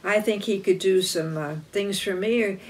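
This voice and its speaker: A woman's voice: medium pitch, unhurried, a little hiss or hum, lightly acted. A woman voicing a matter-of-fact captain of the guard who is sizing up a new slave. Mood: appraising. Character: Egyptian captain of the guard, appraising.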